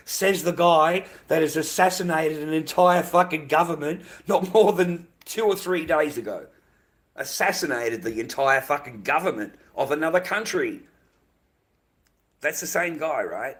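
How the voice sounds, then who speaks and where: A man's voice: on the high side, normal speed, a bit bright. An Australian man ranting to his stream viewers, heated and profane, repeating himself often. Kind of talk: ranting livestream monologue.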